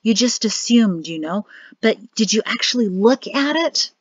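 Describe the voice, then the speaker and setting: Woman reading as a soft-spoken, cryptic young man; storybook voice, low and hushed, muffled dry audio. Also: husky, no echo. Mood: grave. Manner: calm, grave, measured warnings. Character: grim quiet young man, cryptic brother.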